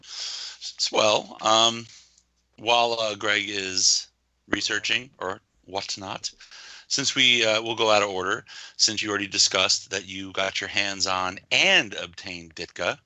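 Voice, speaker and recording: A man's voice: on the low side, a little slow, sharp tone, dry recording, low-quality recording. A man hosting a casual podcast, joking and teasing his co-hosts with profanity. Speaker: podcast host. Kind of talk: casual chat.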